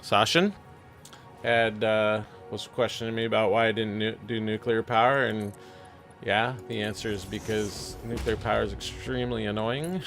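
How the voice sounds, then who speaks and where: A man's voice: fairly low pitch, steady tone, normal speed, fairly bright tone, soft background music. A man streaming a building game, muttering half-sentences to himself and chatting casually with his viewers. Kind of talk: casual live-stream commentary while playing.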